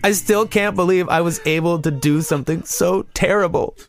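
A man's voice: sits high, moderate pace, soft background music. A man telling a first-person confession story in scripted narration, earnest in tone.

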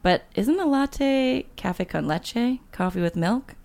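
A woman's voice: on the high side, lively intonation, measured pace, vocal fry, darkish tone. A woman author chatting casually on a podcast and reading her memoir aloud, laughing often. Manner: laughs often, reads with light voicing of dialogue. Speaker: guest author.

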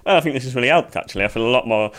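A man's voice: mid-range voice, racing, fairly bright tone, a little hiss or hum. A man co-hosting a comedy podcast, dry and self-deprecating in casual banter. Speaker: podcast co-host.

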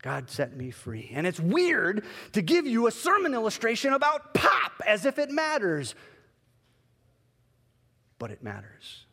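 A man's voice: very high-pitched, huge pitch swings, measured pace, long pauses, bright, forceful tone, in a large hall. A male pastor preaching a sermon in a conversational, self-deprecating storytelling way.

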